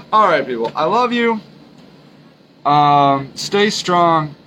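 A man's voice: on the high side, sing-song, background noise. A man hosting a solo podcast, talking earnestly and emphatically, often repeating his points and restarting sentences. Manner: halting, frequent restarts. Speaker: podcast host.

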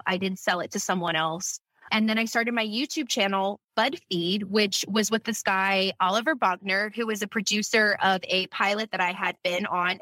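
A woman's voice: medium pitch, bright, forceful tone, no echo, rough recording. A woman in her thirties from Louisiana, a guest on a podcast, telling her life story in a candid, emotional way. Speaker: podcast guest, company founder. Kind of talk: personal storytelling in an interview.

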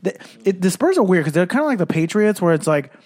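Male podcast co-host, slightly high voice, loose, profane, tipsy sports talk. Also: very animated, fast, a little mellow. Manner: rambling, profane, many restarts. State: been drinking. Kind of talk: casual sports chat.

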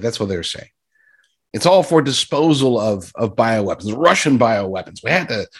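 A man giving sarcastic, rambling political commentary and addressing his listeners directly. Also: mid-range voice. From United States.

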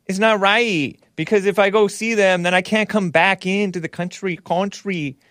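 A man's voice: high voice, fairly even intonation, fairly bright tone, dry recording, clean studio sound, voice pushed up. A man putting on the voice of a complaining young woman, drawn out and plaintive. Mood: whiny. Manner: plaintive, drawn-out mimicking whine.

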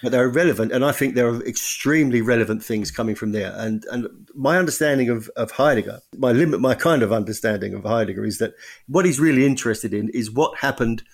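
A man speaks as a guest author in a long-form interview. His pitch sits in a plain middle range. He talks in a halting, reflective way, breaking off and restarting his sentences as he works through his ideas. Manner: thoughtful, halting, frequent restarts. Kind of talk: podcast interview.

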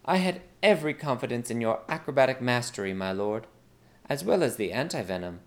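A man voicing a sly young maid who calmly admits to her plots. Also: mid-range voice, a little fast, lightly acted.

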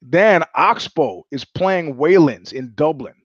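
A man's voice: on the high side, animated, slow, no room sound, highs cut off. A man hosting his own show, answering listener questions and telling blunt, profane stories in a casual monologue. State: sweating. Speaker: podcast host.

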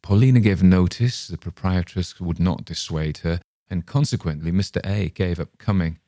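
A man hosting a show, reading a horror story aloud in a measured, dramatic way. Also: deep voice, mellow, no room sound, clean studio sound. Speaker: host and reader.

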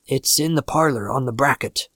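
A man's voice: mid-range voice, normal speed, fairly bright tone, no room sound, studio quality. A man reading aloud and voicing a frightened old father who speaks unsteadily and falters. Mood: fearful.

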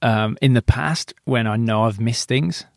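A man's voice: medium pitch, measured pace, gravelly, no room sound, clean studio sound. A man hosting a podcast, chatting casually with his guest and agreeing often. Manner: agreeable, encouraging, frequent yeahs. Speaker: podcast host. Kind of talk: casual interview chat.

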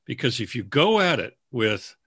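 A man's voice: mid-range voice, very animated, normal speed, fairly bright tone, breathy edge, no room sound, clean studio sound. A man who works as a book editor, answering interview questions earnestly and acting out the people in his anecdotes. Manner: earnest, storytelling, acts out the people he quotes.

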